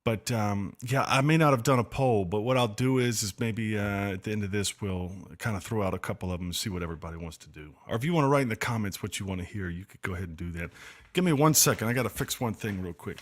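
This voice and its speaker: A man's voice: fairly low pitch, quick pace. A man hosting a casual livestream, talking loosely with many fillers and apologizing for running late. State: slightly out of breath. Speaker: livestream host.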